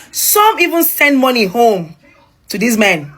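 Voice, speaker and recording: Woman, husky, exasperated social media commentary. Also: a little high, big pitch swings, a little slow, fairly bright tone, faint music behind. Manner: exasperated, repeats points for emphasis. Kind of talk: casual opinion monologue.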